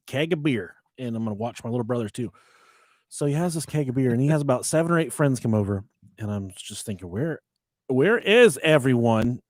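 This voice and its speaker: A man in his thirties tells a story to his podcast co-host, swearing freely and shouting out the lines he quotes. His voice has a middling pitch. The sound is dry and close, with no room around it. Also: no echo. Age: 30s. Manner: profane, animated, acts out quotes loudly. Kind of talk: casual storytelling chat.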